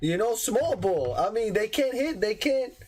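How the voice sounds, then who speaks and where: A man talks in a fairly high voice, stalling on "like" and "man" as he hunts for words. The feel is relaxed, casual sports chat. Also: soft background music. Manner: halting, full of "like" and "man" fillers. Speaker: podcast co-host.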